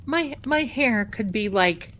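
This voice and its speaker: American woman host, unhurried chatty delivery, faint hiss behind her. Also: a little high, lively intonation, a bit bright. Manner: slow, chatty, repeats herself, drops to a whisper. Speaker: livestream host. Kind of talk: casual livestream chat.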